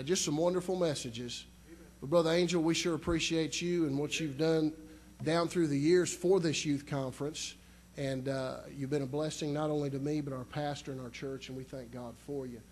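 A minister introducing the guest preacher, halting and full of fillers but heartfelt. His voice sits somewhat high. Faint noise hums behind him. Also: a little mellow. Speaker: youth conference minister introducing the speaker. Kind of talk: sermon introduction.

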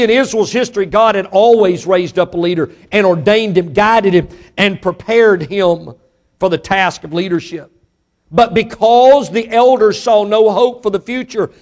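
A man delivers a sermon in a notably high voice. He preaches emphatically and keeps turning to address the congregation directly. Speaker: pastor.

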